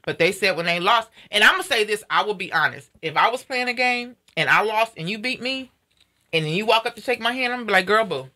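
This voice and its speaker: Frank bright-voiced woman. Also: mid-range voice, expressive, fast. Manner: frank and opinionated. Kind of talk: casual live-stream chat.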